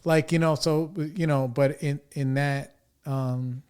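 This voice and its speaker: A man's voice: medium pitch, fairly even intonation, slow, darkish tone, clean tone. A male podcast host in casual chat, laid-back and encouraging, swearing now and then.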